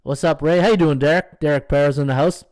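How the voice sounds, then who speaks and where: A man's voice: a little high, fast, darkish tone, no echo. A man hosting a sports betting podcast, chatting casually and greeting viewers by name between picks. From Canada. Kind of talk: casual live-stream chat.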